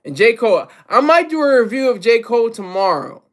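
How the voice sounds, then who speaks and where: A man's voice: very high voice, very animated, fairly quick. A man giving casual, rambling solo commentary on hip hop, self-deprecating and full of restarts.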